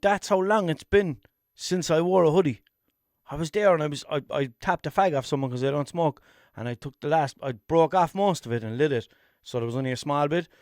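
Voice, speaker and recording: A man's voice: fairly high pitch, darkish tone, no echo, clean studio sound. A man with a Limerick Irish accent hosting a solo comedy podcast, rambling and self-mocking, swearing casually. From Ireland. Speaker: podcast host.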